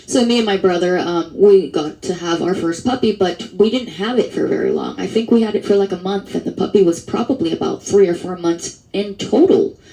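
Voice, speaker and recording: A woman's voice: fairly low pitch, brisk, few pauses, mellow, rough recording. A woman talking to camera in a casual advocacy vlog, rambling with many restarts and fillers, blunt and profane. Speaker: advocacy vlogger.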